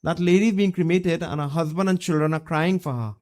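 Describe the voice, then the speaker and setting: A Trinidadian man voicing a calm, wise wandering sage who asks patient, probing questions in a story. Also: a little high, a little fast, voice pushed up, close to an everyday voice. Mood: questioning.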